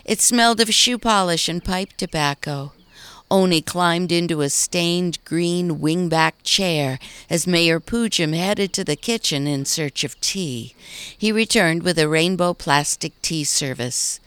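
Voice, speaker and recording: Slow low-voiced woman storyteller. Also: clear, resonant tone, dry recording. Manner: calm, even storytelling. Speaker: narrator. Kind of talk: storybook narration.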